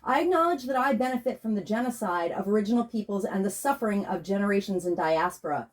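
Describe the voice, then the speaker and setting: Calm, measured woman leading a meditation. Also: mid-range voice, poor audio. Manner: repetitive chanted prayer. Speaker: tarot reader and energy healer. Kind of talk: guided meditation and tarot reading.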